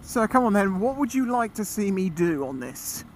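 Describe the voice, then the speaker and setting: A man talking casually as he rides a motorcycle, chatty and excitable, often exclaiming. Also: high voice, moderate pace. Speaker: motorcycle vlogger. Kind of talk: casual ride commentary. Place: outdoors on a moving motorcycle. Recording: loud wind and engine noise.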